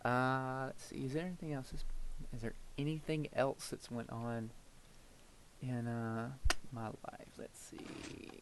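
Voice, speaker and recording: A young man casually commentating his own gameplay, rambling and thinking aloud, often trailing off into quiet murmurs as he builds. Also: medium pitch, fairly even intonation, measured pace, slight background noise, rough recording. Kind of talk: casual let's-play commentary.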